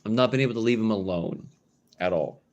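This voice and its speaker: A man's voice: on the low side, a little fast, a little mellow. A man streaming a casual chat from home, rambling with fillers and restarts and swearing now and then. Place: at home indoors.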